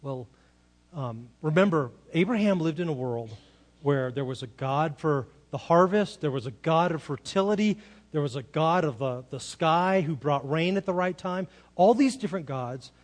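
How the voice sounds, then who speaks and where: A man's voice: on the high side, expressive, moderate pace. A man preaching a sermon in a conversational way, asking rhetorical questions and acting out quoted lines. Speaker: pastor.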